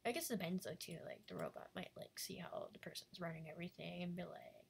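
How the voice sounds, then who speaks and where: A woman's voice: on the low side, fairly even intonation, quick pace, gravelly, hardly any pauses, husky. A woman chatting casually and rambling while she draws live, full of fillers and often dropping into a half-whisper. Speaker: animator drawing live.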